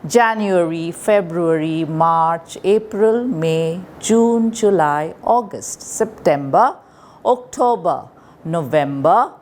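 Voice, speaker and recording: Slow, patient woman teaching grammar. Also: on the low side, darkish tone, a little hiss or hum. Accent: Indian English. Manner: patient, repeats rules step by step. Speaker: primary school English teacher. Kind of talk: slow classroom grammar lesson.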